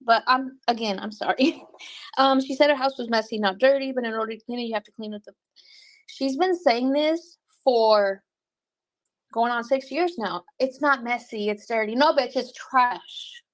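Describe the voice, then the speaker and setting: A woman livestreaming and reading her chat, talking bluntly with lots of cursing and quick laughs. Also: on the high side, dry recording. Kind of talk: casual livestream commentary.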